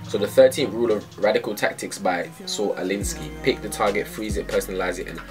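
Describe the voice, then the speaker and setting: Young lad reading aloud in a reaction vlog, low voice, animated asides, loud music bed underneath. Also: male voice, fast. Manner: animated, laughing, breaks off to comment. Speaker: vlogger.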